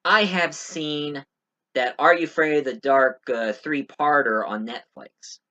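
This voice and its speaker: A man's voice: a little high, unhurried, pushed and bright, muffled recording. A man giving a casual spoken movie review, rambling with many fillers and restarts.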